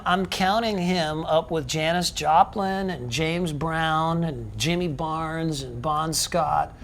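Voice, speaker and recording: A man's voice: a little high, fairly bright tone, a little hiss or hum. A man, a rock singer, telling stories in a casual interview, rambling with restarts and frequent swearing.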